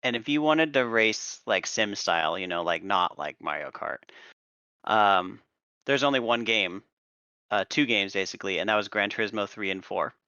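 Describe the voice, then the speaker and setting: A young man co-hosting a gaming podcast, explaining at a measured pace with hesitant pauses, on a slightly dull recording. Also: fairly low pitch, lively intonation, pushed and bright, clean tone, no room sound. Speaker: podcast co-host. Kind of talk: casual chat.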